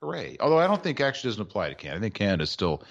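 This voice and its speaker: A man's voice: on the low side, huge pitch swings, very fast, vocal fry, dull audio. A man from Maryland co-hosting a sports radio show in casual chat, with wry, sarcastic asides. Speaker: co-host.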